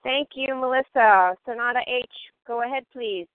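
A woman chairs a recovery meeting by phone, calling each speaker in a brief, polite way. Her voice is on the high side. The sound is dry and narrow, like a phone line. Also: normal speed, no echo.

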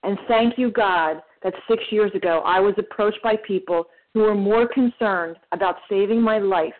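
A woman sharing at a recovery meeting, telling a parable and acting out the voices of the people in it. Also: medium pitch. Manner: storytelling, acts out voices in a parable. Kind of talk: emotional recovery share. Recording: phone-line call audio.

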